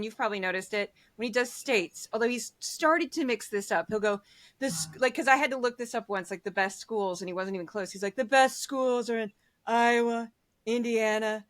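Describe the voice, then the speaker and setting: A woman political commentator talking in a casual, animated way, acting out quotes and laughing often. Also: a little high. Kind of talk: casual conversation.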